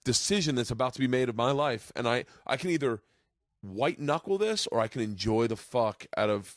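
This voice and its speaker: A man in his forties hosting a podcast, telling rambling, excitable stories with plenty of swearing. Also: medium pitch, a little fast, dry recording, studio quality. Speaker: podcast host. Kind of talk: casual podcast chat, storytelling.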